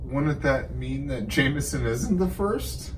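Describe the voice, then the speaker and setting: A man's voice: medium pitch, expressive, unhurried. A man co-hosting a casual whiskey chat, curious and full of questions. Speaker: co-host. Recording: distant mic, faint noise.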